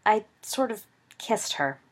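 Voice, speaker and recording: A woman voicing a quiet, moody teenage schoolboy who mumbles in a glum, dry way, reading a story aloud. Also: medium pitch, very animated, slow. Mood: wary.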